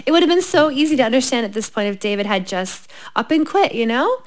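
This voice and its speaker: A woman co-hosting a casual chat, retelling Bible stories in a lively way, laughing often and reading scripture aloud. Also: fairly high pitch, fast.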